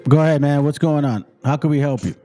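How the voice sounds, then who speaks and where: Man, fairly high voice, livestream host, heated call-in debate, interrupts a lot, repeats himself. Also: fast talker, mellow, faint music behind. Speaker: livestream host taking callers.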